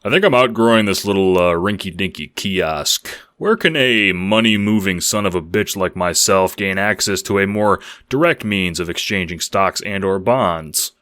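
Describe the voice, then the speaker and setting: A man's voice: deep voice, expressive, normal speed, hardly any pauses, fairly bright tone, dry recording, clean studio sound. A man voicing a cocky, laid-back young guy in a fan audio drama, speaking in a casual, swaggering way.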